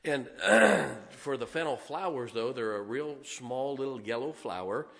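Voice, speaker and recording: A man in the pulpit preaching in a plain, folksy manner, talking through his points with props in hand. His voice sits at an ordinary middle pitch. The sound carries a long reverb from a large hall. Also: expressive, measured pace, creaky, crowd noise. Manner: folksy and conversational, demonstrating with props. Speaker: pastor. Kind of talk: sermon.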